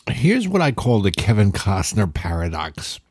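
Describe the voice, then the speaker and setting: A man hosting his own show, giving sardonic, deliberate recommendations with the odd laugh. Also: on the low side, very animated, a little mellow. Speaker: podcast host. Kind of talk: casual comedic monologue.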